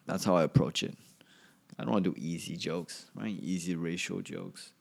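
On his own podcast, this comedian talks solo with a deep voice, some vocal fry, and a moderate pace. His delivery wanders casually, with sentences that fade out and get restarted.

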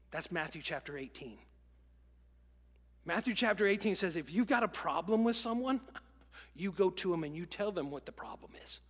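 A man preaching a sermon in an animated way, acting out quoted lines and dropping to a whisper for emphasis. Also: high-pitched, normal speed, pauses often, long reverb tail. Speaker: pastor.

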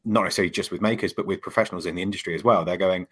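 Hesitant man with a lowish voice. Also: fairly even intonation, rapid-fire, fairly bright tone, slightly rough. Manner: hesitant, many fillers and restarts. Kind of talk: casual podcast chat.

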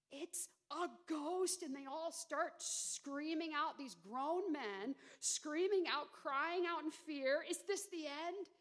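A middle-aged woman pastor delivers a sermon in a high voice. She retells the story with animated, dramatic emphasis, slowing for the tense moments.

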